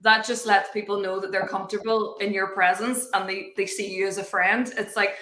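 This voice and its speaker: Bright-voiced woman in an echoey room. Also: mid-range voice, flat delivery, brisk. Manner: warm, teasing, enthusiastic. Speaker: livestream co-host. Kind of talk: casual chat.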